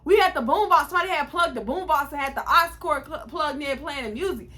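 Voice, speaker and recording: Animated, bright-voiced young woman vlogger. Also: high-pitched, fast. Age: 20s. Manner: animated, profane, acts out quotes. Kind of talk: casual storytime.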